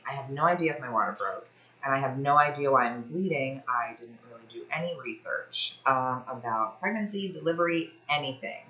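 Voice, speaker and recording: A young woman from Ohio chatting casually to camera, telling a personal story in a lively way, with lots of fillers. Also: rumbling low, echoey room, highs cut off. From Ohio, USA. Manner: chatty, animated, many fillers like "like". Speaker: fitness vlogger.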